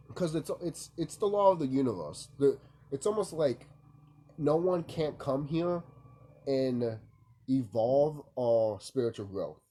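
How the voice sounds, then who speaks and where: A man's voice: mid-range voice, mellow, a little hiss or hum. A young man vlogging from home in the early morning, sleepy and rambling, swearing casually and leaning on fillers. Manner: loose, rambling, lots of fillers and profanity.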